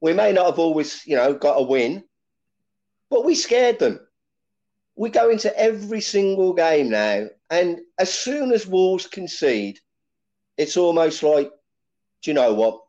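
Rambling fan, lively pitch, lo-fi. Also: male voice, measured pace. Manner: rambling, many fillers like "you know, look". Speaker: fan panelist. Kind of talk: fan chat. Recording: dull lo-fi audio.

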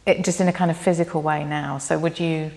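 Woman interviewer, low monotone, reflective, in a reverberant hall with faint guitar. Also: fairly quick, creaky. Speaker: host and interviewer. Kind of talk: gentle interview questions and reflection.

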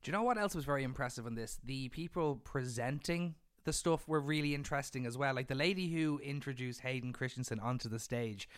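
A man's voice: mid-range voice, brisk, few pauses, smooth. A man hosting a casual podcast chat, asking questions with an enthusiastic, teasing manner. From Ireland. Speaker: podcast host.

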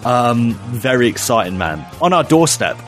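An effusive young man co-hosting a casual chat. His voice rises and falls in a lively way as he gushes. Faint music plays underneath. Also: medium pitch, moderate pace. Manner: effusive, animated, says "mate" and "man". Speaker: podcast co-host.

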